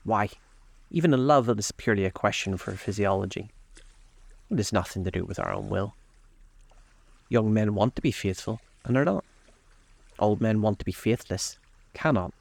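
A man's voice: lowish voice, moderate pace, vocal fry, pauses often, dry recording. A man reading aloud as a languid, witty older nobleman who drawls his epigrams.

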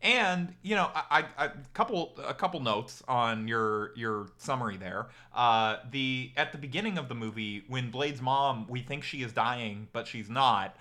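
Bright-voiced man hosting a podcast. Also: mid-range voice, expressive, a little slow, hardly any pauses. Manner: playful, teasing, breezy host patter. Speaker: podcast host. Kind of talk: casual podcast chat.

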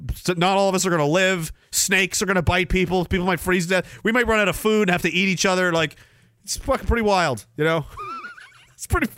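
A man's voice: high-pitched, fairly bright tone, no echo, clean studio sound. A man hosting a live stream podcast, ranting sarcastically and acting out quoted voices. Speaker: podcast host.

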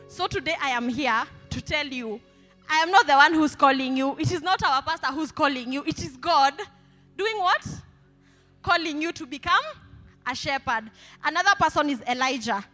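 A woman pastor preaches with high, bright energy, prompting the congregation to answer her. Her voice rings through a reverberant church hall with faint music underneath. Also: normal speed. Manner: animated, call-and-response with the congregation. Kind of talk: sermon.

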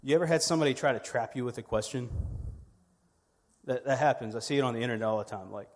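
A male church media director delivers a sermon in a church sanctuary, humorous and conversational with plenty of storytelling. His medium-pitched voice moves quickly and has a big-room sound.

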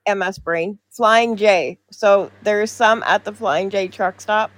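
A woman's voice: mid-range voice, takes it slowly, dry recording. Easygoing woman on a dry line. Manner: easygoing, chatty, laughs often. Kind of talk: casual chat.

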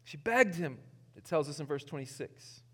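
A high-voiced man delivers a relaxed, conversational sermon. He chuckles, restarts his sentences and swings between quiet asides and loud emphasis. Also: normal speed, husky. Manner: casual, chuckling, self-interrupting with restarts. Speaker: pastor.

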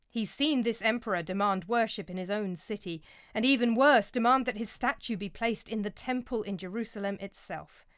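A woman's voice: medium pitch, a bit bright, no echo, studio quality. A woman narrating a scripted historical story in a dramatic, vivid way.

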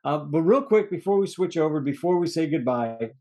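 In this casual movie review chat, a podcast co-host rambles animatedly about an old film. His voice is fairly high and brisk, and he swears casually from time to time.

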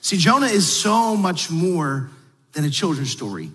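A man's voice: fairly high pitch, sing-song, a little slow, a bit bright, big-room sound. A man preaching as pastor in confident teaching mode, speaking both to the room and to people watching online. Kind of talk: sermon.

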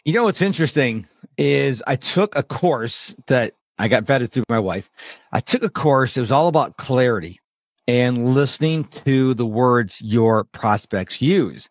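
A middle-aged man who coaches people on overwhelm, talking casually as a podcast guest and acting out quotes in lively voices. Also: mid-range voice, unhurried, dry recording, clean studio sound. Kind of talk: casual interview talk.

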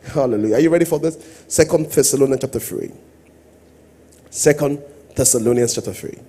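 A male pastor preaching a sermon, swinging between quiet asides and loud, sung-out exhortation. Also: medium pitch, a little fast, breathy edge.

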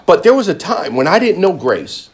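A man preaching a testimony sermon, joking with the congregation and breaking into loud high quoted voices. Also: big pitch swings, moderate pace.

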